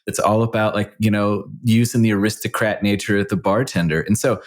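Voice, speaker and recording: A man's voice: on the low side, level tone, brisk. A man, a wine expert guest, chatting casually and rambling with lots of fillers. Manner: rambling, many fillers like "like" and "you know". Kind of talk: casual chat.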